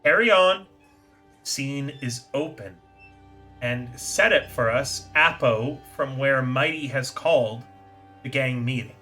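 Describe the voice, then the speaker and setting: A man's voice: mid-range voice, soft background music. A man running a tabletop game on stream, teasing his players and laughing easily. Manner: teasing, animated, quick to laugh.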